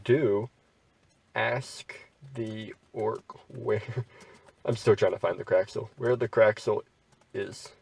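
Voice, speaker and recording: Guy reading out a text adventure, gravelly, kinda husky, dry bemused comments. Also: lowish voice, steady tone, slow, long pauses, darkish tone, recorded from a distance, low-quality recording. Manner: wry, bemused asides between read-out passages. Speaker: gamer playing an AI text adventure.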